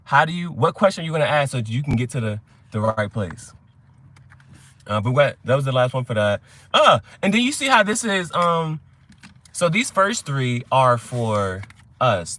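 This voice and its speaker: A man's voice: mid-range voice, fairly bright tone. A young adult man hosting a tarot reading chat, talking in a rambling, profane way and telling stories with quoted voices. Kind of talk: casual livestream chat.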